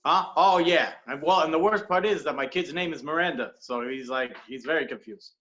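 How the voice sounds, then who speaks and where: A man improvising a comedy scene over a video call, earnestly playing an odd cop with absurd deadpan logic. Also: a little high, brisk. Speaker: improv performer. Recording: dull lo-fi video call audio.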